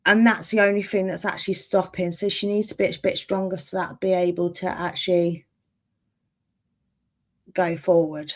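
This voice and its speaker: A woman doing a live-stream tarot reading, softly calling viewers sweetheart and darling, chatting and laughing as she goes. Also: on the low side, steady tone, moderate pace. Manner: chats and laughs while reading. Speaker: tarot reader and clairvoyant.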